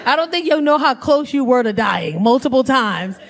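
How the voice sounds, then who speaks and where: High, lively woman doing stand-up. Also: normal speed, gravelly, noisy background. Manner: loud, animated, crowd work with laughter. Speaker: stand-up comedian. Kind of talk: stand-up comedy.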